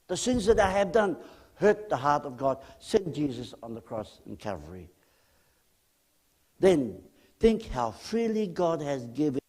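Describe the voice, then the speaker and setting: A man preaching in church with a lively, animated voice pitched a little high. He swings from loud emphatic lines down to near-whispers and keeps asking the congregation questions. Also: measured pace. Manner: speaks directly to the congregation with questions. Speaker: guest pastor. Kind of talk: sermon.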